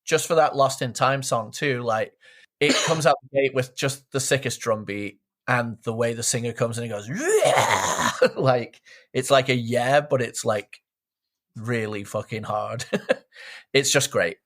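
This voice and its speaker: A man's voice: mid-range voice, fairly even intonation, unhurried, a bit bright. A man co-hosting a music podcast, talking easily and sometimes stumbling over repeated starts. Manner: easygoing, stammers on restarts. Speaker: podcast co-host. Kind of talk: casual chat.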